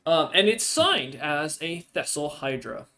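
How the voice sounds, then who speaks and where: A man's voice: a little high, very animated, measured pace, bright, forceful tone. A man running a tabletop game as game master, narrating loosely with many fillers and restarts.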